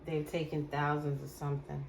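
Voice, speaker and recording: A woman's voice: sits low, level tone, creaky, a little hiss or hum, poor audio. A woman giving a casual, slangy tarot reading to her viewers, repeating phrases and drawing words out. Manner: slangy, drawn-out repetitions. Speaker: tarot reader.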